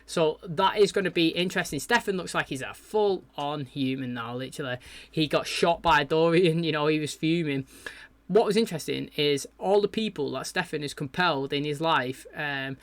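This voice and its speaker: A man's voice: a little high, normal speed, a bit bright, no room sound. A man, recapping a TV episode in a rambling, chatty way with lots of fillers. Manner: rambling, chatty, loose paraphrasing with frequent fillers. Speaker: TV reaction channel host.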